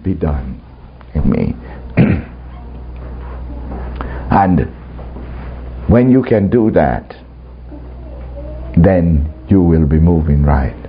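A man's voice: low voice, animated, drawn-out words, pauses often, slight background noise. A man preaching a testimony sermon to a congregation, telling his story and laughing often. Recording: muffled recording with faint ambience.

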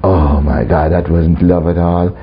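A man's voice: sits low, flat delivery, unhurried, a little hiss or hum. A man preaching a testimony sermon to a congregation, telling his story and laughing often. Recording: muffled recording with faint ambience.

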